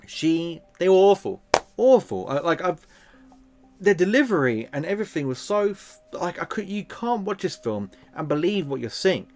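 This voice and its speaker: A man's voice: sits high, normal speed, faint music behind. Sarcastic, ranting male film reviewer. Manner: animated, sarcastic, exasperated.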